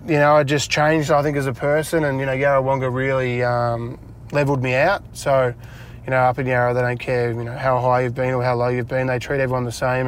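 An Australian man in his forties chats easily about his life, rambling with plenty of fillers and joking at his own expense. His voice sits at an ordinary middle pitch. A faint hum of car ambience runs underneath. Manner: chatty, self-deprecating, lots of fillers. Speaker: interview guest. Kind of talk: casual chat. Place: inside a parked car.

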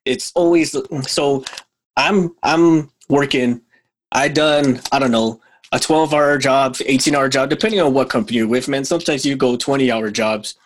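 A man hosting a casual podcast chat, telling work stories in an animated way and laughing often. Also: mid-range voice, normal speed. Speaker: podcast host.

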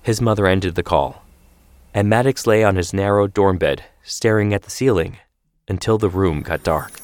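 A man's voice: deep voice, normal speed, a little mellow. A man narrating a story and voicing its characters in quoted speech. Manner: shifts into raised, heated voices for quoted lines. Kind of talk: dramatic reading with character voices.

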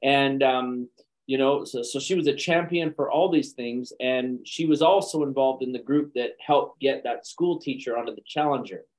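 A man, an actor and speaker, telling lively anecdotes in a podcast interview with frequent chuckles. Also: mid-range voice, normal speed, poor audio. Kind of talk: conversational storytelling.

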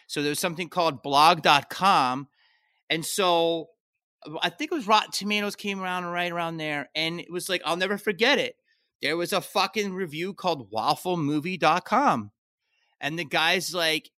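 A man, a comedian guest on a podcast, telling stories in a casual, animated way, swearing and jumping into high-pitched outbursts. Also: moderate pace, no room sound, clean studio sound.

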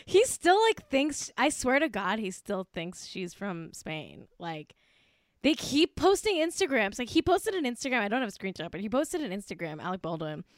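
A woman co-hosting a comedy podcast, rambling and gushing in casual chat. Her voice sits fairly high, and the recording is dry and close. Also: sing-song, normal speed, no room sound. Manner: gushing, full of likes, with frequent laughs. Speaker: podcast co-host.

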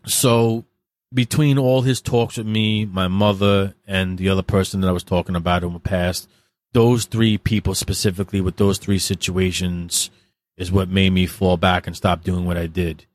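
A man's voice: sits low, fairly even intonation, normal speed, dry recording, studio quality. A man as a podcast guest, telling candid stories in a blunt, heavily profane, vivid way. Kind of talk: candid interview storytelling.

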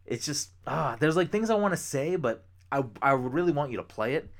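A young man co-hosting a podcast, chatting casually, rambling with excitement and swearing freely. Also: a little high, a little fast. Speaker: podcast co-host. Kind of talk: casual chat.

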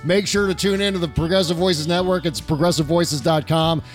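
A man hosting a casual political talk show, chatty and quick to laugh, with a wry edge. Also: on the high side, fairly even intonation, soft background music. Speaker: podcast host.

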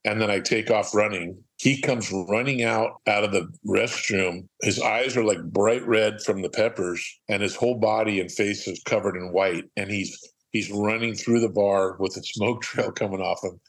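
A man's voice: lowish voice, fairly even intonation, moderate pace, breathy edge, poor audio. A middle-aged man from Southern California, a podcast guest, telling rambling, profane anecdotes and acting out the quotes. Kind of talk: casual storytelling.

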